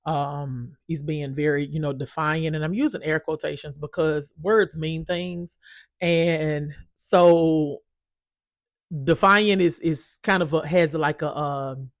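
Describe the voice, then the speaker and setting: Woman in her 30s telling a story, low voice, emphatic, cusses a lot, dry sound. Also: slow, no echo. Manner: animated, emphatic, swears freely. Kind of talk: casual personal storytelling.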